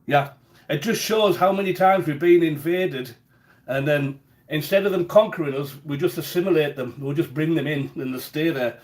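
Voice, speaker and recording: A man's voice: a little high, normal speed, darkish tone. A man chatting casually in his home kitchen during a live cooking stream, rambling and often repeating words as he goes.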